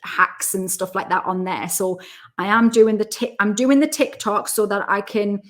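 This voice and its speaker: A woman's voice: mid-range voice, steady tone. A woman in her thirties from the North East of England with a Geordie accent, chatting as a guest in a frank, joking way and laughing often. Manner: frank, jokey, quick to laugh. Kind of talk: casual chat.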